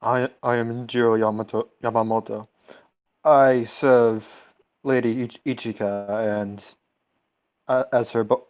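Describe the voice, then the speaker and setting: A man's voice: mid-range voice, a little mellow, natural voice. A man voicing a stoic male bodyguard who speaks in short, clipped lines.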